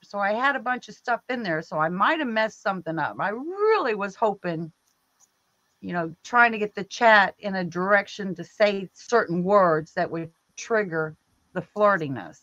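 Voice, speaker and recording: A woman's voice: mid-range voice, lively intonation, normal speed, fairly bright tone, no room sound, lo-fi sound. A woman co-hosting a livestream, chatting casually, teasing and often laughing. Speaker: livestream co-host. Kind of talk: casual chat.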